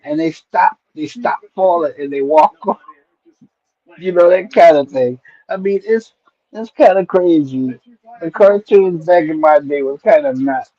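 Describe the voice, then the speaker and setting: A middle-aged stream host tells nostalgic stories in a relaxed, rambling way, his voice slightly raised and on the high side, moving at a loose, wandering yet measured pace. He keeps checking in with "right?" and "you know." Through his streaming mic the audio is dry, dull and lo-fi, its top end muffled.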